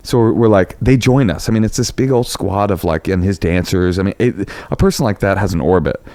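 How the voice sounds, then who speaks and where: A man's voice: low-pitched, brisk, darkish tone, no room sound. A male comedian telling a long story in casual podcast chat, acting out quotes in other voices.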